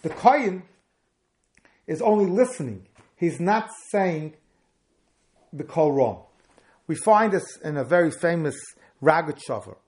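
A man's voice: on the high side, very animated, measured pace, long pauses, a little mellow. A man teaching Jewish law in a Talmudic lecture. He explains each point patiently, with the sing-song rise and fall of the study hall. He stresses the key words as he builds his argument.

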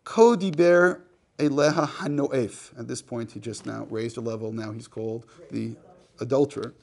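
A man's voice: mid-range voice, normal speed, creaky, a little mellow. A man teaching a class, reading a text aloud, translating it line by line and joking with the students. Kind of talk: classroom lecture.

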